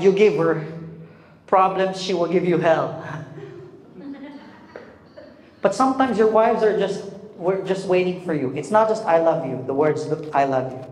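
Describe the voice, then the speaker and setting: A man with a Filipino accent preaching a sermon as pastor, animated and mixing in Tagalog while calling for amens. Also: sits high. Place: church hall. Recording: echoey church hall with long reverb.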